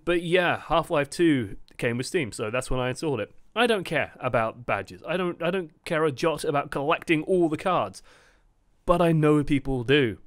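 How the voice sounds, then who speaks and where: A man hosting a gaming video, delivering a sarcastic, animated rant. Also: medium pitch, no echo, clean studio sound. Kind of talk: ranting commentary.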